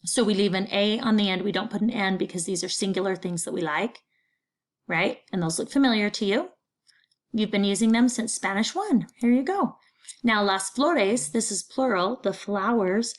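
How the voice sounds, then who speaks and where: Woman teacher, middle-aged, medium pitch, bubbly and chatty, playful asides to students. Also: normal speed. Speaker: Spanish teacher. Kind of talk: recorded grammar lesson.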